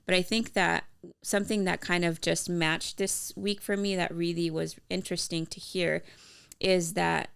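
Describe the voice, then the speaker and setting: Gravelly, smooth-voiced woman chatting casually. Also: lowish voice, level tone, normal speed. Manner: rambling, many fillers and restarts. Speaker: podcast co-host. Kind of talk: casual faith-based chat.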